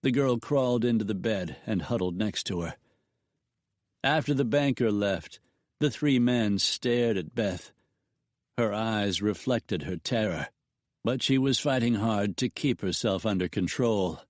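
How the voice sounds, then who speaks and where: Male audiobook narrator, slow and measured, dry close sound. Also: on the low side, no echo. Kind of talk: scripted narration of a western novel.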